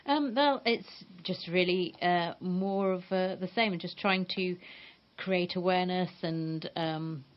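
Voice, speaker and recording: A woman guest on a radio interview, answering in a hesitant, halting way with many fillers. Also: lowish voice. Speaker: guest blogger. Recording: dull lo-fi radio recording.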